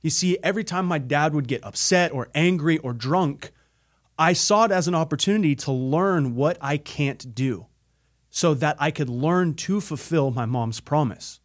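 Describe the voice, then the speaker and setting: A podcast host tells a personal story in an earnest, emphatic motivational style, repeating phrases for effect. His voice is a little high and he speaks at a normal speed.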